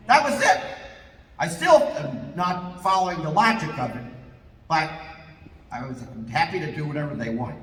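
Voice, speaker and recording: A man as a voice actor guest at a convention panel, telling comic stories in an animated, jokey way and swearing casually. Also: on the high side, normal speed, slight background noise. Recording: echoey hall, voice from far off.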